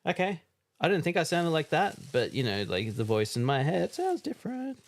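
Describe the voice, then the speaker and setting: A man's voice: huge pitch swings, moderate pace. A man co-hosting a casual chat, reading game box blurbs in silly voices and laughing often. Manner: playful, laughs often, drops into a low movie-trailer voice. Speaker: co-host.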